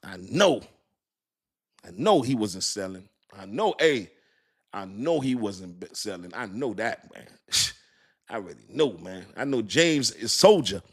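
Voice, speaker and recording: A man's voice: on the low side, sing-song, a little slow, slightly rough. A man hosting a crypto livestream, chatting loosely with his viewers, reading their comments, joking and laughing often, searching aloud for words.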